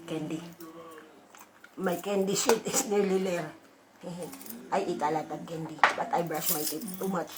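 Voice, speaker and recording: Slow, sleepy, low-voiced woman vlogger. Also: poor audio. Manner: rambling, halting, with frequent laughs and restarts; keeping her voice deliberately low. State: coughing now and then. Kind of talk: casual chat to viewers while smoking.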